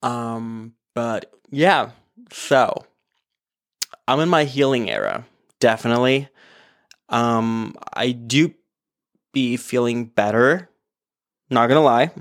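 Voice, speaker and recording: This podcast host speaks slowly with frequent pauses, his voice medium in pitch. Alone in his apartment, he records a casual, candid monologue on an iPad's podcast mic, wandering off topic, swearing often and using plenty of filler words.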